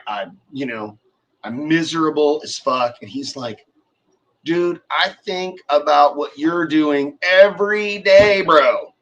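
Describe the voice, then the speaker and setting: A man in his forties telling a long workshop story in casual, profane chat, acting out the people he quotes. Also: medium pitch.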